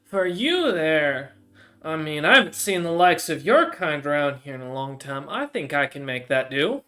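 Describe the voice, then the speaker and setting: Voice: mid-range voice, sing-song, moderate pace, pushed and bright. A game master voicing a female troll shopkeeper who haggles with a wry, businesslike patter. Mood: bargaining. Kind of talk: voicing a character in a tabletop game.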